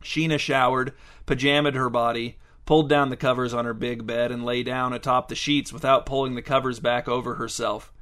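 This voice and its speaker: Deadpan male story narrator. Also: mid-range voice, brisk. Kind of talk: audiobook narration.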